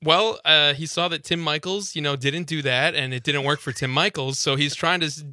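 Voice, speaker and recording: Male co-host, sharp bright voice, casual political chat. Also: on the high side, dry recording, studio quality. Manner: conversational, halting restarts. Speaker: radio co-host. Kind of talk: political talk radio chat.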